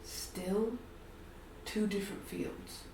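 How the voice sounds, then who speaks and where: A woman's voice: mid-range voice, steady tone, slow, echoey room, far from the mic, noisy background. A woman playing a tabletop role-playing game, blunt and curious, who swears casually. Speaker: player.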